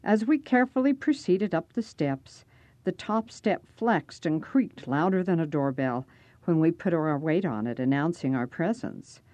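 Expressive woman reading a storybook. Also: sits low, unhurried, no room sound. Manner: expressive first-person reading. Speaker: narrator. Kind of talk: storybook narration.

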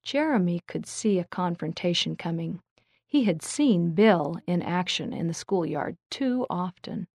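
A woman narrating a children's story, reading it aloud in a clear, measured way. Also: lowish voice, animated, a little mellow, no echo.

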